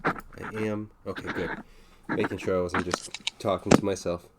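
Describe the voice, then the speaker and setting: A man playing in a tabletop game over an online call, speaking quietly and hesitantly. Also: low-pitched, flat delivery, moderate pace. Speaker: player. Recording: noisy call line.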